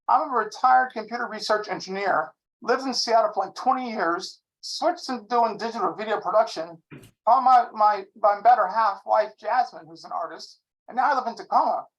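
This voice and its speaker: A man's voice: high voice, a bit bright, rough recording. Older male caller in his sixties, friendly and rambling. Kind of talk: casual chat.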